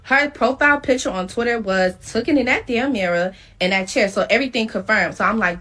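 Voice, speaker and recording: A woman's voice: a little high, fast, hardly any pauses. A woman telling a story in a casual, profane way, acting out what people said. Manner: animated, profane, acts out quotes.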